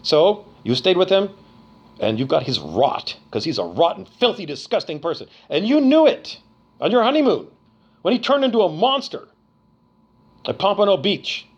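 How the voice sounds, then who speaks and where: A man's voice: high voice, very animated, moderate pace, slightly rough, highs cut off. Profane, furious middle-aged man ranting. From Canada. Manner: profane, accusatory, repetitive. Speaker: vlogger. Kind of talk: angry rant to camera.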